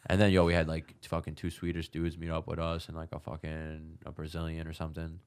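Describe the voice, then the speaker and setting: A man with a very low, deep voice tells a party story in a loose, casual way. He swears often and laughs through his own story. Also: monotone, brisk, clear, resonant tone. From New York. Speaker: podcast guest.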